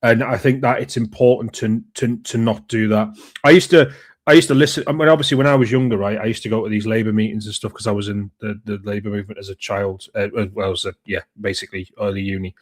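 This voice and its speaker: A man, co-hosting a political live stream, speaking in a measured, deliberate way with emphatic rises. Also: lowish voice, steady tone. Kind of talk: political commentary.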